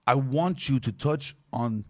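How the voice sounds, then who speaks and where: A man's voice: medium pitch, a little slow, darkish tone. A man hosting a casual podcast, crude and bossy, swearing a lot as he steers his guest. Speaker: podcast host.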